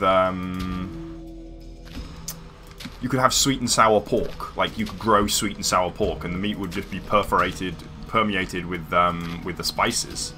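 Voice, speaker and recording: A streamer from near London chats casually while gaming on a livestream, rambling with lots of fillers and restarts. His voice is deep with a sharp tone.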